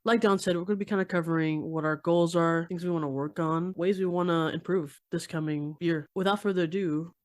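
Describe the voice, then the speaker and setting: Man, high voice, playful, laughs a lot, casual podcast chat. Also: fairly even intonation, a little fast, few pauses. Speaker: podcast co-host.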